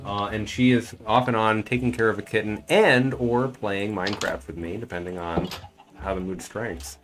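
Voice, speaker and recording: A man's voice: fairly low pitch, steady tone, normal speed. A man streaming a game and chatting casually, thinking aloud as he plays. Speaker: streamer and voice actor.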